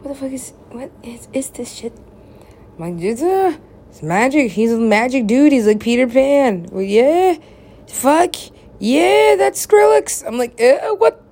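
A woman's voice: high voice, expressive, measured pace, creaky, warm tone. A young woman in casual chat with friends, rambling, laughing often and swearing freely.

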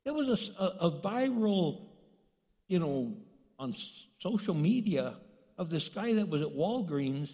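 A man's voice: high voice, very animated, a little slow, dark tone, slightly rough. A man preaching a sermon as pastor, telling stories animatedly and acting out the voices of the people in them. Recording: long reverb of a large hall.

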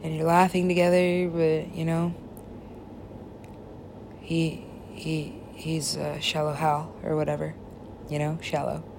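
A woman's voice: sits low, monotone, takes it slowly, gravelly, pauses often, background noise. A woman rambling in a drifting, profane monologue that often drops to a whisper.

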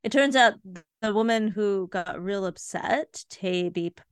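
A woman's voice: mid-range voice, slow, smooth, no echo, studio quality. A woman co-hosting a podcast in casual chat, telling a rambling story in an agreeable, chatty way. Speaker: podcast co-host.

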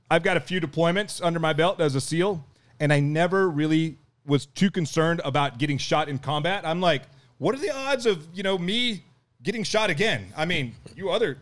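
Telling a story as a podcast guest, a middle-aged man chats casually in a voice that's a little high. He's animated, laughs frequently, and acts out the things people said.

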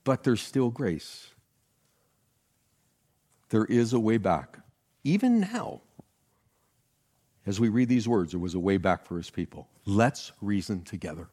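An older man, a pastor, preaching a sermon with jokes, jumping up in pitch to stress words. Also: measured pace, pauses often, breathy edge. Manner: animated, jokey, leaps in pitch for emphasis.

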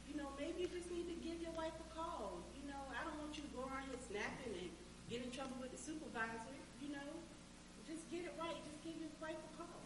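A woman playing a concerned coworker in an amateur skit, gentle and giving advice. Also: high-pitched, brisk, distant mic, lightly acted. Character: concerned, caring female coworker. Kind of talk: amateur church skit acting. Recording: echoey room, mic from afar, noisy.

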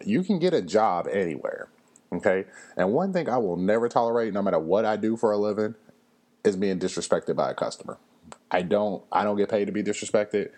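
A man hosting a podcast, telling a story in a blunt, animated way and swearing freely. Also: fairly low pitch, a little fast. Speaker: podcast host. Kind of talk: casual storytelling monologue.

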